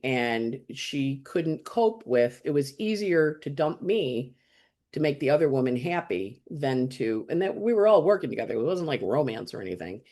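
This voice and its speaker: A woman astrologer, a guest on the show, telling a story in loose conversation. She talks bluntly, swears without hesitation and acts out the lines of everyone she quotes. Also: a bass voice. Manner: lively, blunt and chatty, acting out quoted dialogue and swearing freely.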